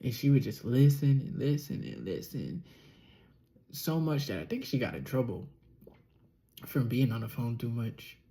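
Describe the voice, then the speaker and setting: A young man telling a personal story as a relaxed podcast monologue, slightly nasal and often chuckling or trailing off. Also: mid-range voice, normal speed, pauses often. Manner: laid-back, chuckling, trails off with ums. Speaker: podcast host.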